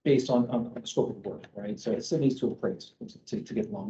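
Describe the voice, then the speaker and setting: A man's voice: lowish voice, a little fast, few pauses, dull audio. A middle-aged man working as a mortgage broker, talking loosely to a group with lots of fillers and restarts and tagging sentences with "okay?". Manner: rambling with many fillers and restarts, checking in with "okay?"; loud speaking voice. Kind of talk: casual presentation to a group.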